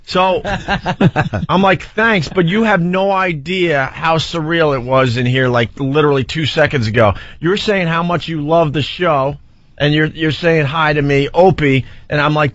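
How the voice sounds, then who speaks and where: Animated man in his forties telling a story. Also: on the high side, unhurried, no room sound. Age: 40s. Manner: animated, self-mocking anecdote telling. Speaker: radio show host. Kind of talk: casual radio storytelling. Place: radio studio. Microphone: studio microphone. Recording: slightly dull, dry radio broadcast audio.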